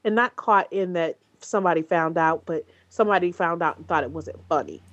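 A woman's voice: lowish voice, brisk, muffled recording. A woman hosting a podcast in casual talk, speaking bluntly with frequent swearing, fillers and restarts. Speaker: podcast host.

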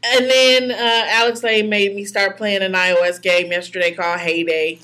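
A woman co-hosting a podcast, chatting in a relaxed, rambling way with many ums. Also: mid-range voice, normal speed. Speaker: podcast co-host. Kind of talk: casual chat.

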